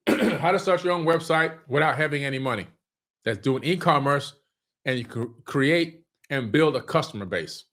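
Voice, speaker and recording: Man, casual monologue, throat-clearing, loose restarts, advice on money. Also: fairly high pitch, expressive, normal speed, a bit bright. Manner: conversational, repeats and restarts, keeps clearing his throat. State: throat irritated from smoke. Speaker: online business coach. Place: home room.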